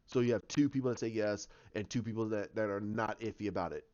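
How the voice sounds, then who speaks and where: A man giving a casual fan rant, rambling and excited, with lots of restarts. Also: on the low side, fast, hardly any pauses. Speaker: commentator. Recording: dull lo-fi sound.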